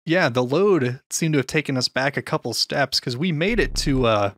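A man's voice: medium pitch, lively intonation, moderate pace, fairly bright tone. A man chatting casually while playing a video game with a friend, musing and trailing off mid-thought. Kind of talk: casual gameplay commentary.

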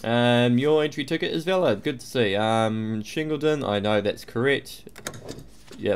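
A man's voice: medium pitch, a little slow, a little hiss or hum. A man giving playful, mock-official gameplay commentary, humming to himself and swearing now and then. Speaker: let's play host.

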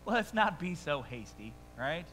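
A man's voice: on the high side, moderate pace, pushed and bright, long reverb tail, slight background noise, low-quality recording. A man preaching a sermon as pastor, talking conversationally with humorous stories and rhetorical asides.

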